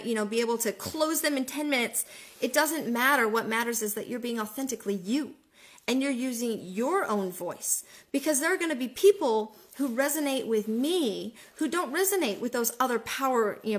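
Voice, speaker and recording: Slightly high-voiced woman doing a motivational live video, excited, keeps fumbling and restarting her words. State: out in the freezing cold. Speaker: online business mentor.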